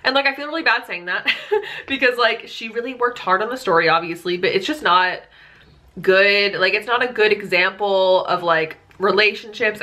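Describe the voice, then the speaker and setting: A woman's voice: mid-range voice, bright, forceful tone. A woman in her twenties chatting casually to camera as a book vlogger, peppering her talk with "like" and amused disbelief. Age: 20s.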